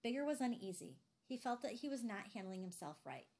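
A woman narrating a novel aloud in a steady, measured reading. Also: a little high. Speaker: audiobook narrator. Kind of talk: scripted narration.

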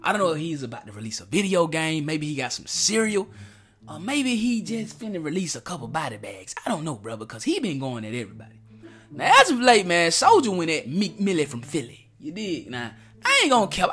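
A man's voice: high-pitched, fairly bright tone, husky. A man hosting a reaction video, talking in slangy, casual commentary straight to his viewers.

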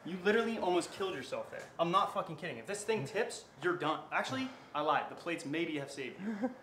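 A man's voice: on the high side, very animated, normal speed, pauses often. A man coaching a lifter in a gym, counting reps aloud and swearing to push him on. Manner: loud counting and swearing encouragement. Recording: echoey gym with faint noise.

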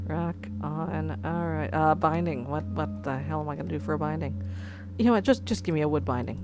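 This let's play features a woman with a low-sitting, brisk voice commenting on the computer game she's playing. She gets fed up and swears, then tries to stay clean, with background music running beneath her.

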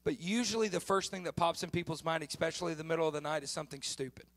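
A middle-aged male pastor with a high, bright voice preaches to his congregation. He talks to them like a friend and then builds to strong, emphatic points. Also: very fast. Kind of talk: sermon.

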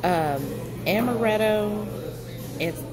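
A woman vlogger chatting casually to camera in an animated, storytelling way. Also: medium pitch, takes it slowly, a crowd in the background, low-quality recording.

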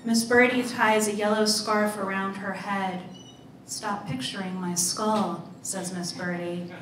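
A woman voicing a strange, lonely female daycare worker in a slow, hushed, wistful way, in a literary reading. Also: mid-range voice, steady tone, noisy background, close to an everyday voice. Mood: sad. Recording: roomy, distant mic.

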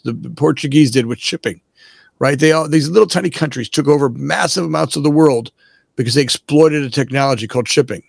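A man's voice: mid-range voice, creaky, no echo. A man as a podcast guest who talks with emphasis and keeps asking "right?" to check the listener is following. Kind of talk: casual podcast interview.

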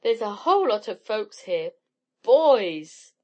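Woman reading a gushing, excitable schoolgirl. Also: on the high side, moderate pace, muffled recording. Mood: excited. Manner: gushing, pouting. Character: excitable schoolgirl, a bit selfish.

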